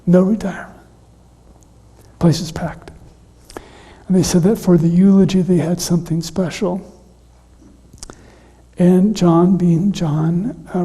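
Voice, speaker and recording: A middle-aged man preaching a sermon in a weakened, hoarse voice. He speaks with emotion, haltingly, and often drops to a whisper. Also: high-pitched, warm tone. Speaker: pastor. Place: church sanctuary. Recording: reverberant church hall.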